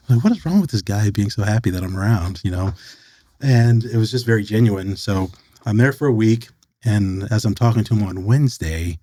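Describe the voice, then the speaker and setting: A middle-aged American man with a lowish, mellow voice tells a long personal story as a podcast guest. He slips into the voices of the people he quotes. The recording is dry and close, with no room sound. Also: no echo. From United States. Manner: animated storyteller who acts out quoted dialogue.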